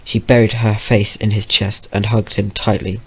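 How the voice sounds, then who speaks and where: A man reads a story aloud in a low voice. His delivery is plain and steady, with the odd small slip. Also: normal speed, breathy edge. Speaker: fanfiction reader.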